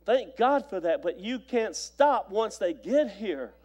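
Pastor, male, high voice, storytelling sermon delivery with repetition. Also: sing-song, slow pace, darkish tone. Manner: storytelling preacher, repeats phrases, stammers on restarts.

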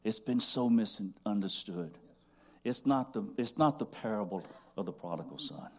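A man's voice: on the low side, animated, normal speed. A male pastor preaching a sermon in a conversational storytelling way that rises to fervent emphasis.

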